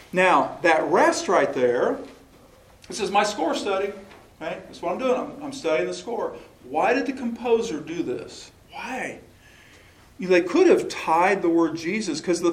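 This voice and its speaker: A man leading a choral workshop session, explaining and asking questions, now and then singing a short phrase to demonstrate. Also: high-pitched. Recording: echoey room recording.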